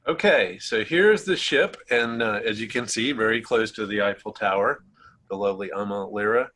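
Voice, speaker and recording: A man hosting a casual virtual travel presentation over a video call, friendly and relaxed with easy laughs. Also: lowish voice, normal speed, poor audio. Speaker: travel agency host.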